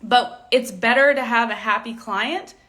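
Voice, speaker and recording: A woman's voice: a little high, a little slow, a bit bright. A young woman, a fashion stylist, giving casual live coaching, chatty and candid, with a tickle in her throat that keeps making her cough. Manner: chatty and candid, with frequent laughs and "like" fillers. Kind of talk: casual livestream teaching.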